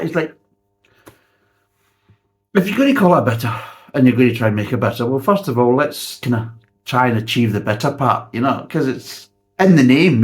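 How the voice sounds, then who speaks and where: A man, reviewing a beer in a blunt, sarcastic way and swearing freely. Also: medium pitch. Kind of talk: casual spoken review.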